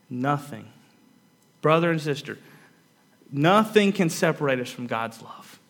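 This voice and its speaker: A man's voice: medium pitch, measured pace. A man preaching a sermon in an earnest way, often repeating words and building to emphatic peaks. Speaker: pastor.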